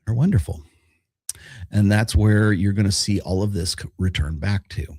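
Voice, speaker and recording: A man's voice: on the low side, moderate pace, a little mellow, no room sound, studio quality. A middle-aged man hosting a podcast, delivering a blunt, profane monologue full of rhetorical questions and restarts. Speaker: podcast host.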